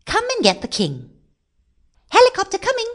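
A woman voicing a young boy in a storybook read-aloud, calling out quickly in a high voice. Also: wildly swooping pitch, full character voice. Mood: urgent.

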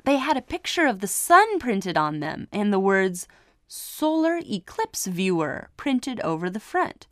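A woman reading a children's story aloud, giving each character an expressive voice. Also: medium pitch, normal speed, hardly any pauses, no echo.

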